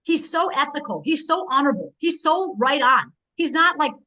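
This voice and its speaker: A middle-aged woman giving an energetic, rallying business training talk as a network marketing team leader, telling stories quickly. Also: high voice. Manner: energetic, rallying, rapid storytelling. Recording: dull lo-fi recording.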